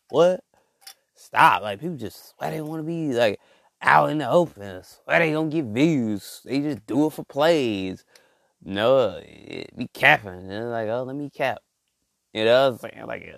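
A man's voice: medium pitch, creaky, dry recording, clean studio sound. A man ranting in a loose, rambling comic monologue, full of slang and filler words. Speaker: podcast host. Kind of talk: comedic rant monologue.

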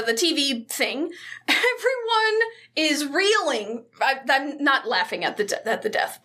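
A woman's voice: high-pitched, pushed and bright. A woman co-hosting a podcast, recapping a movie in casual chat, swearing freely and acting out the characters. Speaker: podcast co-host.

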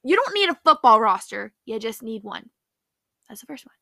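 A young woman with a bright, slightly high voice tells a Bible story to her viewers. She talks in a chatty, excitable way and fills her speech with "like". The sound is dry and close. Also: normal speed, vocal fry, no echo. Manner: excitable, chatty, heavy use of "like". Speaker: faith vlogger.

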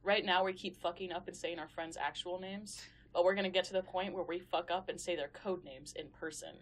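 A woman's voice: fairly low pitch, fairly even intonation, brisk. A young woman co-hosting a podcast in casual chat, blunt and crude, telling stories and acting out what others said. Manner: blunt, crude storyteller who acts out quotes. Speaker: podcast co-host.

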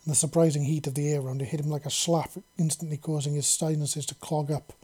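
A man reading a story aloud in a steady, plain narrating manner. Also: on the high side, quick pace, husky. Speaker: audiobook narrator.

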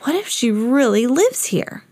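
A skeptical, snooping little schoolboy from a picture book, as a mother voices him. He talks in a hushed, conspiratorial way with a lively lilt. The sound is close and dry. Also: a little high, measured pace, no echo, voice pushed up, full character voice.

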